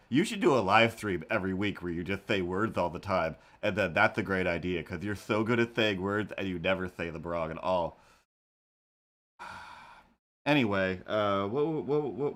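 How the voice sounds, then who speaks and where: A man's voice: on the low side, a bit bright. Rambling, jokey male live-streamer. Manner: rambling, jokey, talks to chat and a cat. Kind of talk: casual live-stream chat.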